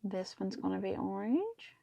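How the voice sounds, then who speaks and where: A woman's voice: mid-range voice, very animated, unhurried, creaky, warm tone, no room sound, highs cut off. A woman hosting a casual crafting tutorial, chatty and enthusiastic as she talks through each step. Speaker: crafting channel host.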